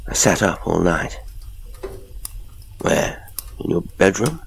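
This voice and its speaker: A man voicing a calm, concerned male priest who asks quiet questions, in a horror audiobook reading. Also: sits low, takes it slowly, vocal fry, slight background noise, exaggerated voice.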